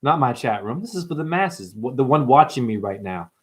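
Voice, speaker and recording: A man hosting a rambling livestream, talking brashly to his chat. He swears, calls viewers "honey" and "dumbass", and jumps between topics in quick asides. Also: medium pitch, lively intonation. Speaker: livestream host.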